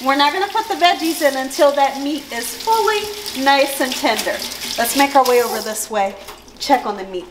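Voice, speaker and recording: A woman's voice: high voice, moderate pace, background noise. A woman hosting a home cooking show from her kitchen, bubbly and folksy, calling her viewers guys and honey.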